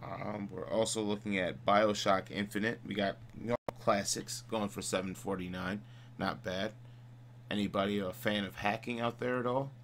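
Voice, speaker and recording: A man with a somewhat low voice co-hosts a casual gaming podcast. He sounds laid-back and chuckles easily while listing game deals. A faint electrical hum sits under the recording. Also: fairly even intonation, moderate pace, fairly bright tone. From Midwest. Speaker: podcast co-host.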